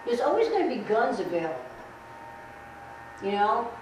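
A woman's voice: fairly high pitch, sing-song, moderate pace. A middle-aged woman giving a blunt, streetwise safety talk to a class, repeating herself as she demonstrates. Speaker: guest speaker on safety. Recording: echoey room recorded from far, noisy.

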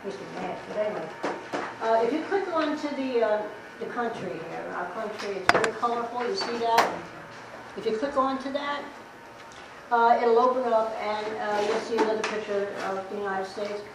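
A woman hosting a show and chatting casually, offhand and loose, clearing her throat now and then. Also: on the high side, normal speed. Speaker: talk show host. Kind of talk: casual on-air plug. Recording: roomy, distant, noisy.

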